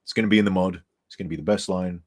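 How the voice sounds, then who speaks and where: Tired, rambling deep-voiced man streaming. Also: steady tone, very fast. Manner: rambling, chuckling, reads chat aloud. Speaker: game modder streaming. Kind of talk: casual live-stream chat. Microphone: desk mic, sometimes turned away.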